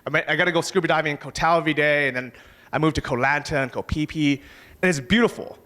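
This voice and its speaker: A man giving a motivational talk on a conference stage, casual and energetic, swearing now and then. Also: on the high side, fast. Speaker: conference speaker.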